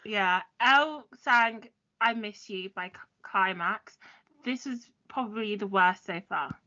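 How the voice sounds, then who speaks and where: A woman's voice: mid-range voice, a little slow, bright, forceful tone, dull audio. A woman co-hosting a podcast, chatting casually and recapping from her notes. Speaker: podcast co-host. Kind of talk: casual chat.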